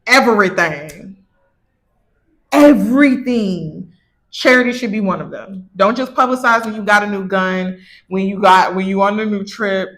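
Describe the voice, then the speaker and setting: A woman's voice: mid-range voice, fairly even intonation, fairly quick, few pauses, fairly bright tone. A woman born in Haiti and raised in Virginia, co-hosting a podcast in casual chat. She speaks in a blunt, opinionated and sassy way. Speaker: podcast co-host.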